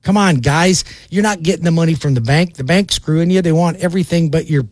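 A man giving a brash, folksy, rapid-fire sales pitch as a loan officer, acting out little phone calls. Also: a little mellow, dry recording. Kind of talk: direct-to-camera sales pitch.

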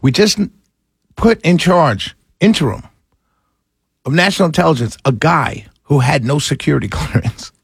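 A man's voice: fairly high pitch, animated, moderate pace, vocal fry, breathy edge, dry recording. A man hosting a call-in talk radio show from a studio, ranting with exasperation and firing off rhetorical questions.

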